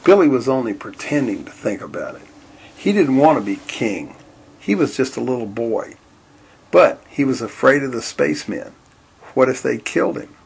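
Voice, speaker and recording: A man's voice: mid-range voice, big pitch swings, moderate pace, gravelly, breathy edge. A man reading a children's story aloud, raising his voice for the characters' lines and dropping it for the narration. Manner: lifts voice for quoted lines, drops for narration.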